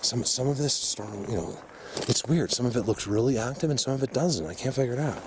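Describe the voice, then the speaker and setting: A man hosting an outdoor vlog, rambling excitedly with many fillers as he walks through a mountain forest. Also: mid-range voice, fast talker, noisy background. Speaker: vlog host exploring the outdoors. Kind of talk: casual walking vlog commentary.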